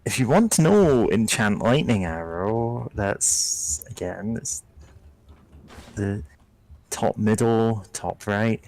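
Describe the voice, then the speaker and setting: A man's voice: fairly low pitch, lively intonation, slow pace, a little mellow, low-quality recording. A man chatting casually with friends while playing a game, explaining game details with dry humor. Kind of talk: casual gaming chat.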